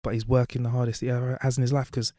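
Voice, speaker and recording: Animated young man telling stories. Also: medium pitch, rapid-fire, no echo. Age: 20s. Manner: animated, lots of "you know". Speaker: guest, media presenter. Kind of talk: casual interview chat and storytelling.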